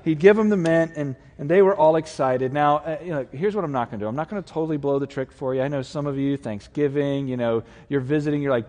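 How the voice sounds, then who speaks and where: A man, the lead pastor, preaching a relaxed, conversational sermon to his congregation, with plenty of filler words. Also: a little high, fast talker, hardly any pauses. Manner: conversational, folksy, with many fillers. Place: church sanctuary. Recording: long reverb of a large hall.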